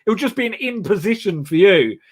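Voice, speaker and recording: A young man from England hosting a casual comedy chat show, rambling and self-mocking with many halting restarts. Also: high-pitched, lively intonation, husky. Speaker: host.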